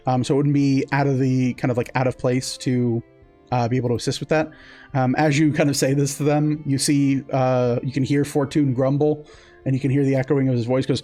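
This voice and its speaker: A man's voice: mid-range voice, flat delivery, brisk, mellow, faint music behind. A man narrating a tabletop game as game master, descriptive, with many fillers and self-corrections.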